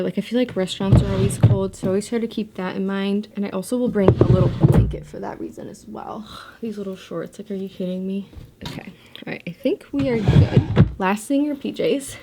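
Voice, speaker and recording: A woman's voice: mid-range voice, noisy background. A woman in her thirties, a mom vlogger, chatting casually at home while packing, slightly out of breath and full of "like" fillers. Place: home, indoors.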